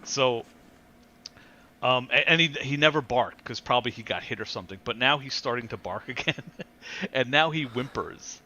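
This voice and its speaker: A man's voice: mid-range voice, normal speed, sharp tone, muffled recording. A man hosting a casual podcast chat, joking and laughing often. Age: adult with a wife. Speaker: podcast host.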